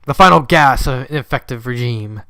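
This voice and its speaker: A man's voice: mid-range voice, expressive, a little fast, pushed and bright, clear, resonant tone, no room sound. A young man who just woke up, reading a fanfiction aloud with casual commentary and frequently breaking into giggles. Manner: giggly, easily breaks into laughter. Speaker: fanfiction reader.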